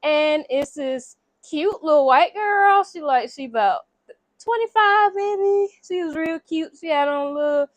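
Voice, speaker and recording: A woman's voice: high voice, a little slow, no echo. A woman telling a story in casual chat at home, acting out the characters' lines with voices. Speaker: vlogger recapping a movie. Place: home room near a window.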